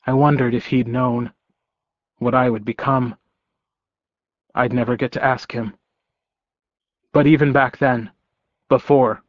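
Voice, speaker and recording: A man narrating a story in first person with a measured, calm delivery. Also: medium pitch, dry recording, lo-fi sound. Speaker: audiobook narrator.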